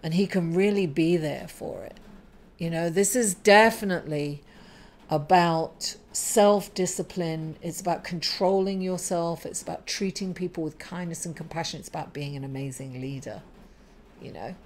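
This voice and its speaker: A woman's voice: lowish voice, normal speed, slight background noise. A middle-aged woman reads tarot in an effusive, encouraging monologue. She keeps calling the listener darling and sounds upbeat throughout. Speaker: tarot reader.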